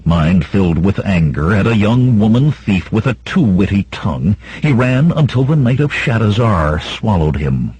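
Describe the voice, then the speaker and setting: Guy reading an audiobook, dramatic, really raspy, dry close sound. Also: lowish voice, big pitch swings, moderate pace, few pauses, no room sound, rough recording. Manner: dramatic, voices shouts of characters. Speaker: audiobook narrator. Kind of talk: scripted narration.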